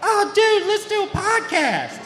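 A man putting on a dazed, rambling young guy, his voice pitched far above a normal man's and drawled out. The voice sounds echoey and far off, as if in a reverberant hall. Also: wildly swooping pitch, unhurried, pushed and bright, heavily acted. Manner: spaced-out, drawling, high-pitched.

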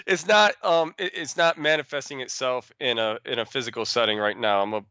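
A man, a schoolteacher being interviewed, talking casually and haltingly, often restarting and repeating words. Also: mid-range voice, bright, forceful tone, dry recording, highs cut off. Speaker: schoolteacher and program founder, guest.

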